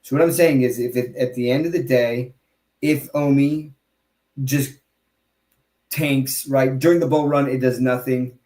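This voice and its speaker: Animated man talking in an echoey room. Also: medium pitch. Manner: animated, emphatic, quick asides and restarts. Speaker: podcast host. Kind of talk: casual crypto podcast chat.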